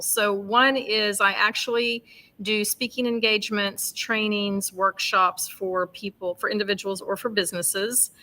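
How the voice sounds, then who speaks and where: A woman's voice: mid-range voice, pushed and bright. A woman guest on a talk show, explaining her consulting work in an eager, casual way with some fillers.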